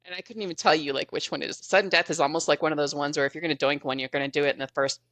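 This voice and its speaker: A woman podcast guest telling a story in an animated, chatty way, often laughing as she goes. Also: low voice, racing, no echo. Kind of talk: casual storytelling.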